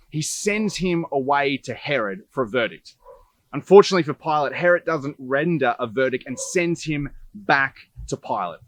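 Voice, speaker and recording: A man telling a sermon as a story, speeding up in places and trailing off quietly at phrase ends. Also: medium pitch. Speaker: preacher.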